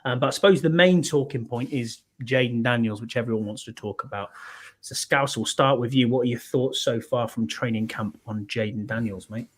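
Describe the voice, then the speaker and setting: A man's voice: mid-range voice, a little fast. A man, hosting a casual sports podcast in a chatty, upbeat way. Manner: chatty, upbeat, reads sponsors and runs through news. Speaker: podcast host.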